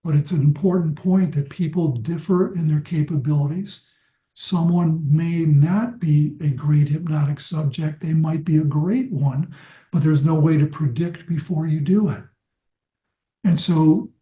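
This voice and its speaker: A man's voice: on the high side, mellow. Older man lecturing, roomy dull sound. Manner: conversational, anecdotal, slows for demonstration suggestions. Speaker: clinical hypnosis teacher. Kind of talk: lecture to trainees.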